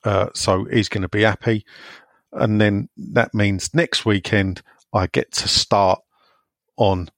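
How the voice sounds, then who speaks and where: A man co-hosting a casual podcast, reading out listener messages and chatting with quick asides. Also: lowish voice, fairly even intonation, a bit bright, dry recording, studio quality. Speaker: podcast co-host.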